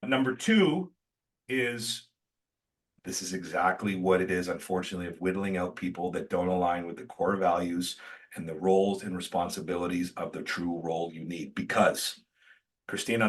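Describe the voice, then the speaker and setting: A man with a slightly low voice hosts a podcast in a casual storytelling chat. He talks bluntly and emphatically, often joking at his own expense. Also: a bit bright. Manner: emphatic, blunt and self-deprecating, with swearing. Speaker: podcast host.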